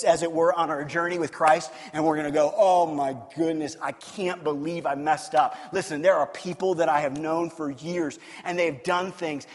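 Pastor preaching in a reverberant hall. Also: male voice, fairly high pitch. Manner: animated storytelling, swings from loud to hushed. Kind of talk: sermon.

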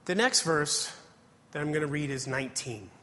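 A man preaching in a big reverberant hall, his voice on the higher side for a man. He tells his story earnestly, like a testimony, and reads scripture aloud. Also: normal speed, bright, forceful tone. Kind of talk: testimony sermon.

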